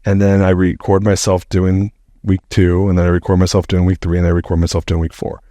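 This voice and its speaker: A middle-aged podcast guest with a deep voice talks fast, telling a story in an animated, rambling way, swearing freely and saying "like" constantly. The sound is clean studio audio with no room sound.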